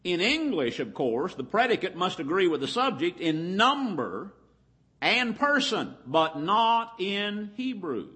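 Male preacher, high tense voice, deliberate emphatic sermon reading. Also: sing-song, sharp tone. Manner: deliberate, stretches key words slowly. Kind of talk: Bible lesson sermon.

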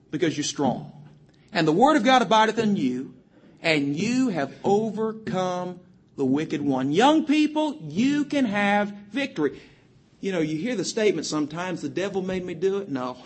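A man's voice: high-pitched, breathy edge. A man preaching a sermon to young people, emphatically citing chapter and verse and quoting scripture in old-fashioned wording. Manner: quotes scripture in King James wording, cites verses rapidly.

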